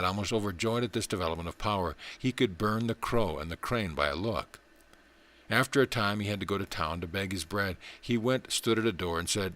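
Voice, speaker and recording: A man reading a spiritual text aloud as scripted narration, in a measured, deliberate way. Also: fairly low pitch, fairly bright tone. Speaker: audiobook reader.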